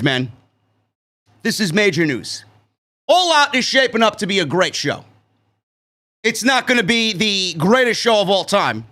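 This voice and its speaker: A man from New York hosting a live-stream wrestling review, excitable and profane, tacking "man" onto his sentences. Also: high-pitched. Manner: excitable, swears freely, keeps saying "man".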